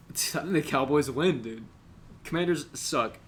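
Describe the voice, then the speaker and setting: A man's voice: a little high, measured pace, a little hiss or hum. A man co-hosting a podcast, chatting casually about sports, joking around in slang and laughing at his own bits. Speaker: podcast co-host.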